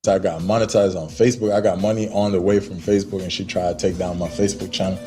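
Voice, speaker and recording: A man talking briskly and defensively about his channel in a casual monologue. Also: sits low, level tone. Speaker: content creator.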